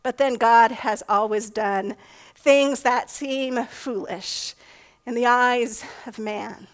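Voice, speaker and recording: A woman's voice: a little high, takes it slowly, poor audio. A middle-aged woman pastor giving a sermon in a conversational way, often asking rhetorical questions.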